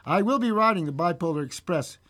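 A man's voice: high voice, lively intonation, a little fast. A man who sings and plays guitar, chatting casually and jokingly between songs and bantering with himself. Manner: playful, jokey banter with himself. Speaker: singer and guitarist. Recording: loud guitar music over the voice.

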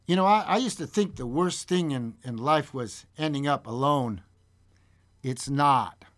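A man who sings and plays guitar, chatting casually and jokingly between songs and bantering with himself. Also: on the high side. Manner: playful, jokey banter with himself. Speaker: singer and guitarist. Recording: loud guitar music over the voice.

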